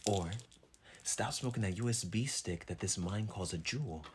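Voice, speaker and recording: A man's voice: on the low side, normal speed, a little hiss or hum. A man in a short video musing philosophically and putting questions to the viewer. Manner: reflective, posing questions to the viewer. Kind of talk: philosophical talk to camera.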